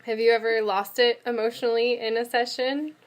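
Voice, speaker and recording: A woman's voice: on the high side, flat delivery, brisk. Woman asking tentative interview questions. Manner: tentative, rephrases with "like" and "kind of".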